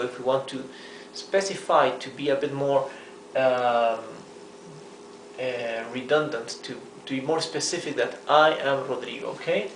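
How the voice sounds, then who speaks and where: Man, language teacher, whiteboard lesson, patient, slow, repeats words, echoey room. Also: medium pitch, slight background noise. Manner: slow, patient explaining, often checks with "okay?" and "right?"; stresses and repeats Spanish words slowly. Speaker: Spanish teacher.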